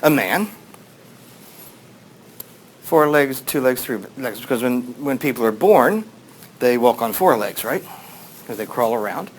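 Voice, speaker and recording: A man's voice: medium pitch, animated, a little slow, long pauses, slight background noise, poor audio. A man teaching a class, telling an old story in a rambling, casual way with many fillers. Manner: rambling, with fillers, playing voices in quotes.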